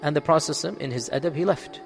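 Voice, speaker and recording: A male Islamic scholar lecturing with emphasis and a somewhat high voice. He keeps asking questions and answering them himself. His voice rings out in a large hall with long reverb, and faint music plays underneath. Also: fast talker. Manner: checks in with the audience with "Okay?".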